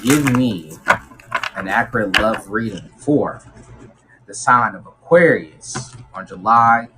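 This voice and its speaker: Animated man giving a tarot reading. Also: lowish voice, takes it slowly, noisy background. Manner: slangy and animated, acts out quotes. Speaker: tarot reader. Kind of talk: casual tarot reading monologue.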